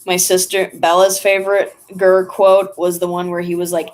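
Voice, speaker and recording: A woman's voice: fairly low pitch, level tone, normal speed, poor audio. A young woman vlogger chatting casually and rambling while she draws. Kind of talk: casual chat while drawing.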